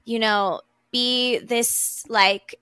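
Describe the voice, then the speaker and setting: A woman guest on a business podcast, talking in an enthusiastic, expressive way as she shares advice in a conversational interview. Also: on the high side, very slow, clear, resonant tone, dry recording.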